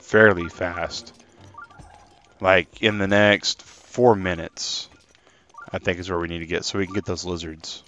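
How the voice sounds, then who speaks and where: A man's voice: sits low, level tone, measured pace, long pauses, a bit bright, soft background music. A man live-streaming a game, chatting and rambling casually to his viewers. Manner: chatty and rambling, talking to chat.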